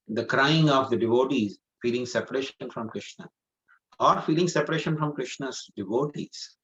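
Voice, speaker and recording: A man's voice: medium pitch, a bit bright. A man answering a student's question in a scripture class, earnest and repetitive, leaning on "you know" as he explains. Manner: earnest, repeats points, many "you know" fillers. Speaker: spiritual teacher. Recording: dull lo-fi sound.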